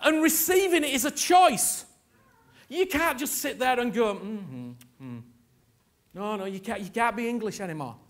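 High, bright-voiced preacher exhorting a congregation. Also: male voice. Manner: slow and emphatic, with sudden loud peaks. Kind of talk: sermon.

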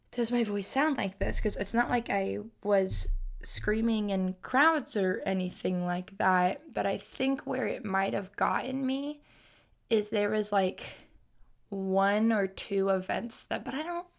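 A woman in her twenties hosting a solo podcast in a rambling, self-mocking way, her voice a little hoarse and scratchy as she keeps clearing her throat. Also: medium pitch. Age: 20s. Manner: rambling, self-mocking, chatty with many fillers. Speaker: podcast host. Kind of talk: casual solo podcast chat.

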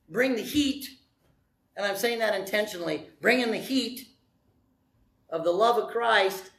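A man preaching a lively, joking sermon, acting out short quotes as he goes. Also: high-pitched, roomy sound. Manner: animated, jokey preaching with acted-out voices. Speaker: pastor.

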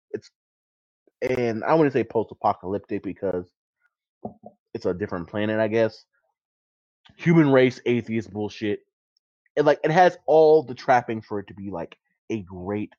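A man in casual podcast chat, talking in an animated, profane way and laughing often. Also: lowish voice, no echo. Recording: dry, dull lo-fi mic.

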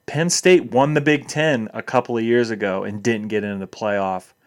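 A man in casual sports chat as co-host, restarting sentences and getting loud when excited. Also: on the low side, moderate pace.

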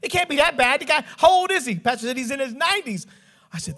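A middle-aged man preaching a joking, animated sermon story and acting out the voices in it. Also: extremely high pitch, fast.

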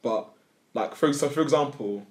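A young adult man co-hosts a casual podcast chat, speaking in a medium-pitched voice at a moderate pace. He rambles, swears, and tells stories in an animated way.

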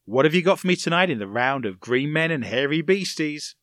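A man's voice: fairly high pitch, expressive, fairly quick, a bit bright, no echo, studio quality. A man hosting a comic radio show, reading odd news stories and joking with his co-host. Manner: jokey, puts on silly voices and scores points. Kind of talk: comic news-story quiz chat.

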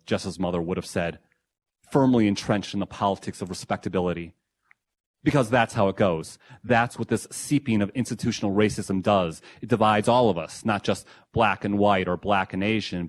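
A young adult man reading his own memoir essay in a reflective, measured, quietly emotional way. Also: fairly low pitch. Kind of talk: first-person memoir reading.

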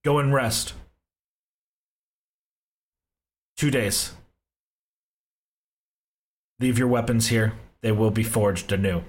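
A man voicing a grave, grieving elder male forest leader who speaks in solemn, measured phrases. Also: on the low side. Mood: commanding.

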